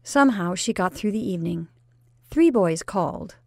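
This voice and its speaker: A woman storyteller reading a classic short story aloud in a measured, expressive way. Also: mid-range voice, creaky, no echo, studio quality. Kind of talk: scripted narration of a classic story.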